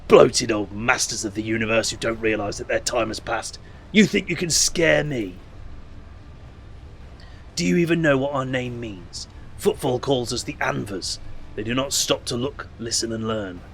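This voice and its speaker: A man's voice: medium pitch, normal speed, creaky, fairly bright tone, slight background noise. A man voicing a scornful gang kingpin who greets his enemies with theatrical grandeur.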